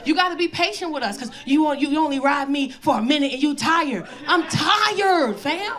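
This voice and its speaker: On a comedy stage in front of a live crowd, a high-voiced female stand-up comedian tells loud, animated, profane stories at a moderate pace. Audience laughter can be heard throughout the live recording.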